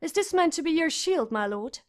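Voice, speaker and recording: A woman voicing a cold, scornful queen in an audiobook, speaking haughtily with a raised pitch. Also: animated, moderate pace. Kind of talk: audiobook character voice.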